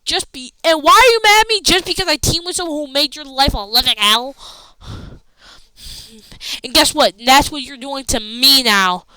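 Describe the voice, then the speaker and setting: Woman, high voice, bright, excitable, rambling recap, dry close sound. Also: moderate pace, no echo, rough recording. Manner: excitable, rambling with fillers and restarts, quoting wrestlers with raised voice. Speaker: wrestling show reviewer. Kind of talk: casual recap chat.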